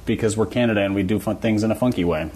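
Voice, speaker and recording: A man's voice: on the low side, a little mellow. A man co-hosting a podcast in casual comedic chat, joking and riffing on bits. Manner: jokey, quick with bits and put-on voices. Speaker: podcast co-host.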